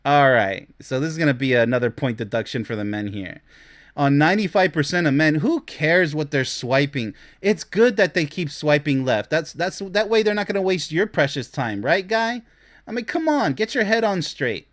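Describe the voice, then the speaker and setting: A man's voice: fairly high pitch, lively intonation, moderate pace, a bit bright. Blunt, scornful male relationship commentator. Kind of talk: reaction commentary on read-out posts.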